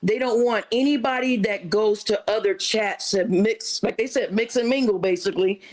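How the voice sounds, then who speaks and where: A woman's voice: mid-range voice, moderate pace, low-quality recording. A woman telling a story casually on a livestream, acting out what others said to her. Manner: animated retelling, acts out quoted chat voices. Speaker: livestream guest.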